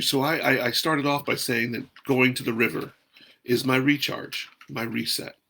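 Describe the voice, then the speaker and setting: A man hosting a calm, unhurried guided breathing talk outdoors, speaking softly. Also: lowish voice, vocal fry, breathy edge. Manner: calm, soft-spoken, unhurried. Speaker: host.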